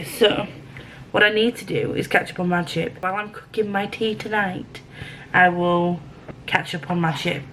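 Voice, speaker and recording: A woman's voice: fairly low pitch, a little hiss or hum, poor audio. A young woman vlogging, chatting casually and rambling with restarts and asides. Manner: chatty, rambling, self-interrupting. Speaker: book vlogger. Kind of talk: casual chat to camera.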